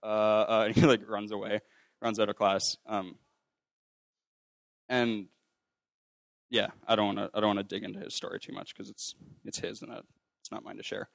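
A man's voice: fairly low pitch, little pitch movement, normal speed, vocal fry, long pauses, no echo. A young man casually sharing a personal faith story, rambling with lots of fillers and restarts and acting out what others said. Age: young adult. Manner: acts out quoted voices. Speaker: ministry student sharing a testimony.

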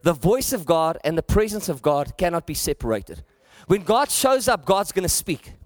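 A South African pastor delivering a sermon in a notably high voice for a man, building his points with repetition and rising emphasis. The sound is dry and close, with almost no room echo. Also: very animated, normal speed. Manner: preaching with rising emphasis and repeated phrases.

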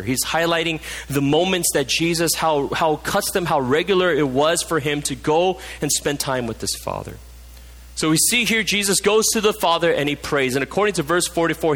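A man delivers a passionate sermon in a church, his voice sitting on the higher side for a man. He sinks low and quiet to stress key points. A long hall reverb trails each phrase. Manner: passionate, drops low and soft for emphasis. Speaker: pastor.

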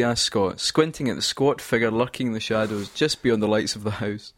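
A man reading a comic fan story aloud to a co-host, often breaking into laughter. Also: on the low side. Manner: reads narration briskly, breaking into laughter.

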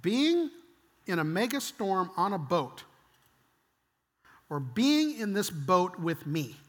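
Speaking slowly and very animatedly, an older male pastor preaches a sermon in a high, bright voice, conversational in tone, acting out quoted lines and sometimes dropping to a hushed whisper. A church hall's long reverb surrounds the sound.

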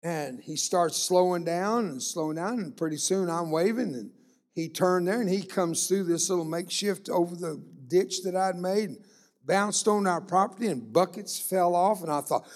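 A man preaching a sermon, telling a humorous anecdote and acting out the dialogue. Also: high voice. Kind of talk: sermon storytelling.

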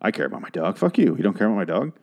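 Male podcast host, low-ish voice, slightly hoarse, sarcastic profane rambler. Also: sing-song, very fast, a little mellow. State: voice getting hoarse. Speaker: podcast host recapping a TV episode. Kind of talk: casual profane rant.

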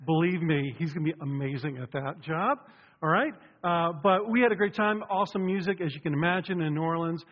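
A man speaking as a pastor, cheerful and joking, telling stories in an animated way. His slightly high voice rings through a big sanctuary with a long reverb. The sound is a bit dull and muffled. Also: fairly quick. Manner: chatty, joking, animated storytelling. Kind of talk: casual sermon opening. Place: church sanctuary.

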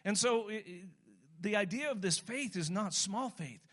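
An older American man, a pastor, preaching a sermon in a conversational way that turns animated when he stresses a point. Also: sits high, normal speed. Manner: conversational, rising to animated emphasis.

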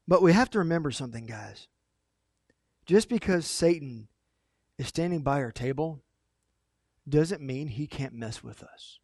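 A pastor delivers a sermon with lively, dramatic storytelling. His voice sits high for a man. The recording is dry and close, with no room echo. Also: a little slow, pauses often. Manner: animated and emphatic, dramatic storytelling.

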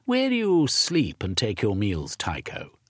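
A man voicing a brusque, easily frustrated Victorian gentleman who questions in a clipped, proper way. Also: on the low side, huge pitch swings, measured pace, slightly rough, no echo, clean studio sound, pitched above the performer's own voice, exaggerated voice.

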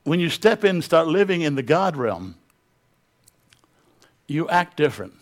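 A male pastor preaches a sermon with impassioned, dramatic storytelling. His voice sits fairly high for a man and swells as he drives his points home. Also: very animated, a little slow.

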